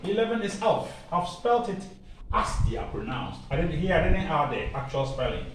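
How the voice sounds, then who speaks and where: A man from Ghana with a Ghanaian English accent, teaching an online language lesson with slow, emphatic drilling, repetition and playful asides. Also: a little high, very animated, recorded from a distance. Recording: very echoey room, voice off-mic, faint ambient noise.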